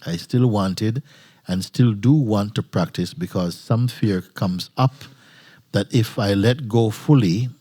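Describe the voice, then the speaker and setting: Low-voiced man telling a story with laughter. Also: slow pace, warm tone. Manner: non-native phrasing, frequent fillers and restarts. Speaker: spiritual teacher. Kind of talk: informal satsang talk and storytelling. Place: retreat gathering with listeners.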